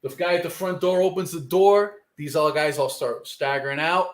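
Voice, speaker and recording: A man's voice: on the high side, normal speed. A man, a guest telling a long rambling story in casual, profane street slang. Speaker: guest musician.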